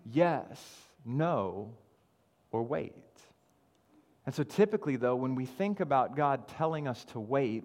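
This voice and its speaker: A man preaching a sermon as pastor, earnest, often repeating words and swinging between loud emphasis and quiet asides. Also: mid-range voice, big-room sound.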